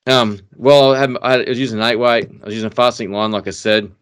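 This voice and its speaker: An Australian man, a podcast guest, telling a story in casual chat, excitable and animated, trailing off into fillers. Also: medium pitch, fast talker, clean tone.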